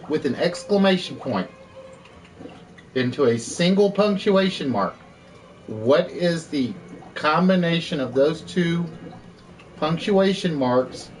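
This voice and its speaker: A man's voice: a little high, big pitch swings, takes it slowly, long pauses, music in the background. A man hosting a live online game show, chatty, repeating and rephrasing his quiz questions, with an occasional cough.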